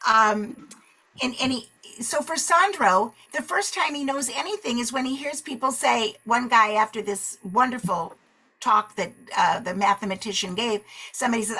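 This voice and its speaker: A woman leading a book club discussion, animated and acting out the characters' lines as she retells the story. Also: on the high side, moderate pace, husky.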